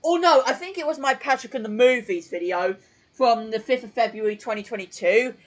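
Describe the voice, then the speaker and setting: A YouTube creator giving rambling, self-mocking live-stream commentary, full of ums. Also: male voice, very high-pitched, expressive, fairly quick, a bit bright.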